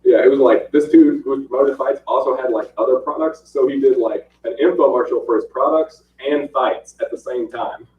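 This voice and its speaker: Speaking at medium pitch and a normal speed with few pauses, a man tells fight stories in casual conversation. He's an animated storyteller who acts out the quotes and laughs often, captured in roomy, distant, muffled podcast audio.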